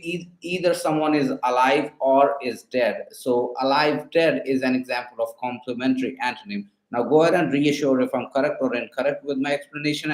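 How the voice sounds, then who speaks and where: A man's voice: mid-range voice, reverberant, low-quality recording. A man quizzing a voice assistant on linguistics, hesitant, with many fillers and restarts. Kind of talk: spoken questions to a voice assistant.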